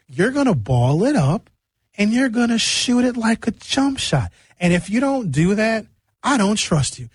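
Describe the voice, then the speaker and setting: Animated, husky-voiced male comedian. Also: normal speed, no room sound. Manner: animated, acts out quotes, shifts pitch for punchlines. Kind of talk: stand-up storytelling.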